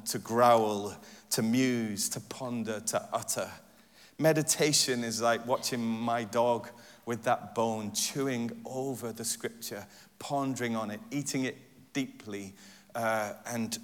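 A man preaching a sermon, repeating scripture lines and stressing different words in turn in a gentle, reflective teaching tone. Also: mid-range voice. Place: church hall. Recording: long church-hall reverb.

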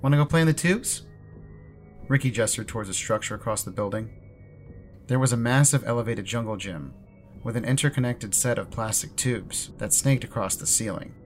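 A low-pitched man reads a horror story in the first person. His delivery is measured and ominous, with faint music underneath. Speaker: narrator. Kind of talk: scripted horror narration.

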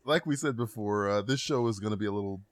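A man's voice: lowish voice, quick pace, no echo, studio quality. A man co-hosting a casual comedy podcast, swearing freely and laughing often as he steers the talk. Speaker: podcast co-host.

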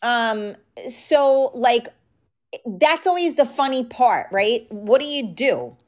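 A woman's voice: a little high, animated, takes it slowly, a little mellow. A woman in her thirties from the Bronx with a New York accent, hosting a live show in frank, casual chat and answering viewer comments.

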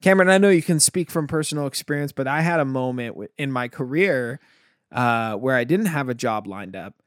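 A man's voice: medium pitch, fairly quick, dry recording, clean studio sound. A man in casual chat, telling stories animatedly and acting out the quotes. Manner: animated storyteller, acts out quotes.

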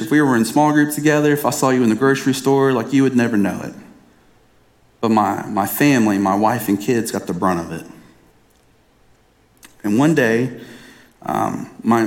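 This is a pastor in his thirties giving a sermon, his mid-range voice a little mellow. He tells a personal story earnestly and conversationally, frequently starting his phrases over.

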